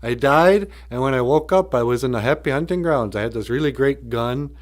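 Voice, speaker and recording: A man voicing an excited male hunter who gushes about his afterlife, his voice pitched up. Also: fairly quick, close to an everyday voice. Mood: thrilled. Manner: gushing, excited.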